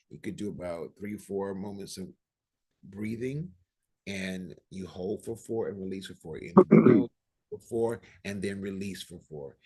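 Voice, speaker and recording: A man with a deep voice, a spiritual teacher leading prayer and guided breathing over a video call in a calm, instructive way. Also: breathy edge. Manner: calm, prayerful, unhurried delivery; gently instructive, counting breaths aloud.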